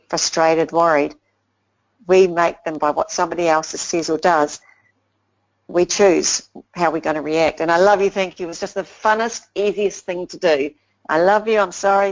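Woman motivational speaker, earnest, lowish voice, muffled lo-fi sound. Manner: earnest, repeats simple phrases. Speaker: inspirational speaker. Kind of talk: motivational talk to camera. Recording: slightly dull lo-fi sound.

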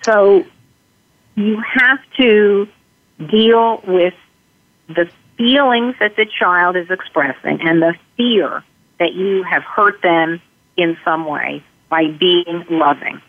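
A woman's voice: fairly low pitch, slow, no room sound. Woman explaining steps over a tinny phone line. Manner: calm, explains in numbered steps, acts out sample dialogue. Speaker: parenting expert guest. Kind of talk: interview answers.

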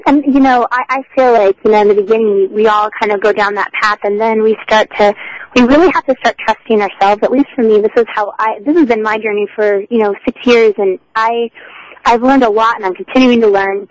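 A woman's voice: on the high side, dry recording, muffled recording. A woman co-hosting a casual chat, talking in a rambling way with lots of fillers. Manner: chatty, rambling, frequent fillers. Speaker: co-host.

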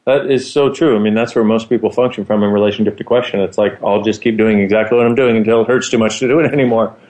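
A man's voice: lowish voice, fairly even intonation, fast talker, a little mellow. A man co-hosting a casual conversation, eagerly explaining and retelling stories. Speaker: co-host.

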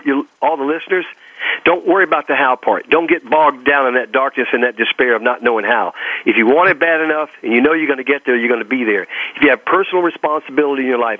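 A man's voice: a little high, dry recording. A man with a Texas accent, a guest giving earnest motivational talk, repeating phrases for emphasis. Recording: phone-like narrow sound.

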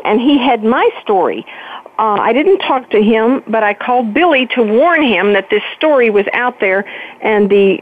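An older woman, a guest author, telling her story with animated emphasis in a phone-in interview. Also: on the high side. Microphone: telephone. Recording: tinny phone line.

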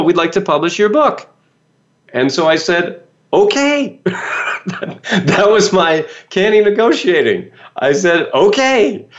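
A man, a motivational speaker, telling a personal story to an audience and acting out the voices he quotes. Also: medium pitch. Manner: animated, acts out quoted voices. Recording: dull lo-fi sound.

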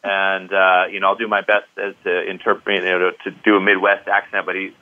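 A man's voice: low-pitched, monotone, a little fast, few pauses. A man who teaches qigong, speaking as an interview guest, enthusiastic and peppered with "you know". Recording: tinny phone-like line.

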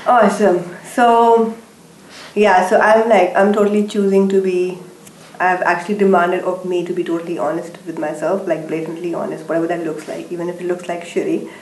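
A woman's voice: on the low side, flat delivery, fairly quick, a little mellow, a little hiss or hum, low-quality recording. A woman talking as a guest on a coaching show, hesitant and full of restarts as she opens up. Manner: hesitant, many fillers and restarts while opening up. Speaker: guest receiving facilitation. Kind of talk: casual conversation.

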